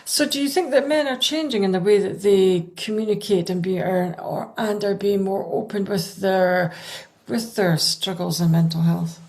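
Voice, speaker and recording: A podcast host asks her guest questions in a woman's mid-range voice with plenty of gravelly fry. She sometimes restarts her sentences partway through. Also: mid-range voice, moderate pace, darkish tone. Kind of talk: interviewing a guest.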